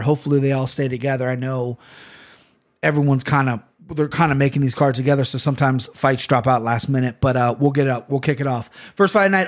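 A man hosting a casual fight-picks show, rambling and swearing freely, often correcting himself mid-sentence. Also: fairly high pitch. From Ohio, USA. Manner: profane, rambling storyteller; fast, excitable tangents with self-corrections. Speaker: MMA fight picks host. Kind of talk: casual chat.

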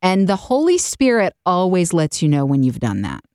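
Animated woman podcast host, low voice. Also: normal speed, no room sound. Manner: animated storytelling, jumps into voices. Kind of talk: faith-based podcast chat.

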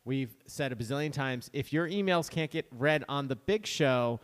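A man's voice: mid-range voice, moderate pace, clean tone, big-room sound. A man co-hosting a podcast in casual, joking chat. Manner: chatty, joking, wry. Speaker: podcast co-host.

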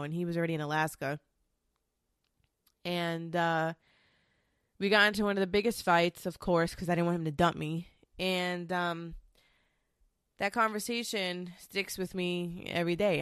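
A woman's voice: on the low side, clear, resonant tone, no echo, clean studio sound. A woman telling a personal story in a candid, rambling way, emotional and swearing freely, with many restarts.

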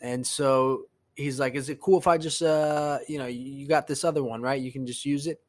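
A man hosting a casual solo podcast, telling a story in profane, animated bursts that climb into a rant. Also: medium pitch, moderate pace, no room sound. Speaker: podcast host.

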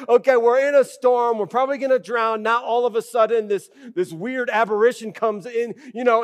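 With a very high voice, a man delivers a sermon as pastor in a lively, conversational style. He breaks into loud bursts now and then and keeps dropping fillers such as "okay" and "right."

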